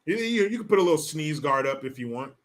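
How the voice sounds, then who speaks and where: A man's voice: fairly high pitch, animated, fast. A man hosting a political commentary stream, ranting in a crude, mocking way and reading out chat comments. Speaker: host.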